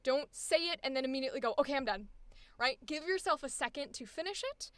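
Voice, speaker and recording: A woman's voice: high-pitched, expressive, fast talker, a bit bright, dry recording. A young woman coaching voice acting on a live stream, chatty and exclamatory with frequent laughter.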